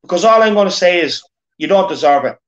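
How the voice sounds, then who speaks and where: A man's voice: high-pitched, expressive, fast. An Irish man around thirty hosting a football fan show, talking earnestly and repeating himself as he rallies the fans. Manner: earnest, repetitive, rallying the fans. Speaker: fan channel host. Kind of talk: casual football rant. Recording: dull lo-fi audio.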